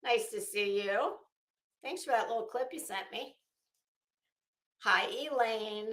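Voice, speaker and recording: A woman's voice: on the high side, slow, a bit bright, reverberant. A middle-aged woman hosting a casual livestream, blunt and chatty, greeting viewers by name. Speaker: livestream host.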